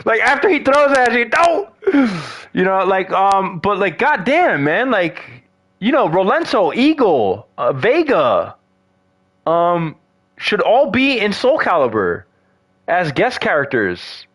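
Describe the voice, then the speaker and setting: A man's voice: high-pitched, very animated, unhurried, a bit bright. A man ranting in a casual, profane monologue about fighting games, exasperated and slangy. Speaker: gaming vlogger.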